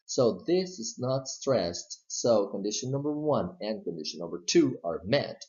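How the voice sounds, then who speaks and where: A man's voice: fairly low pitch, animated, a little slow, a little mellow. A man teaching English pronunciation, explaining each step patiently and repeating model words. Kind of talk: slow step-by-step pronunciation lesson. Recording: slightly dull lo-fi recording.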